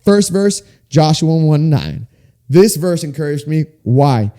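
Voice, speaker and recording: A man in his twenties hosting a faith-based solo podcast, talking with big swings up and down in pitch, in a small room with sound panels. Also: lively intonation, slow pace, dark tone. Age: 20s. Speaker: podcast host.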